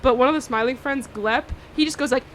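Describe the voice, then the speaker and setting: A woman's voice: high-pitched, quick pace, a little hiss or hum. A young woman hosting a casual college radio show, chatty and bubbly, laughing often.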